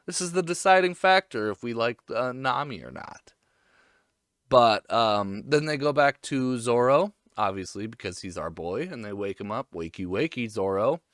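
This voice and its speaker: A man's voice: mid-range voice, animated, normal speed, fairly bright tone, dry recording, clean studio sound. A young man giving a casual, crude, joking anime recap, with lots of fillers. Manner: crude, jokey, full of fillers.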